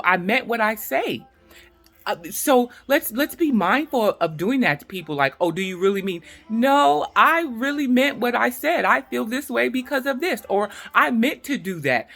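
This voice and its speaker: A woman's voice: medium pitch, a bit bright. A middle-aged woman vlogging to camera in a chatty, emphatic way, repeating herself for stress. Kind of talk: casual talk to camera.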